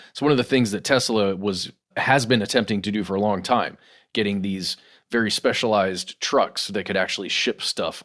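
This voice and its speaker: A man's voice: on the low side, a bit bright. A middle-aged man co-hosting a podcast, talking through news stories in a loose conversational way and calling listeners "guys" and "y'all.". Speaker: podcast co-host. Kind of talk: casual news discussion.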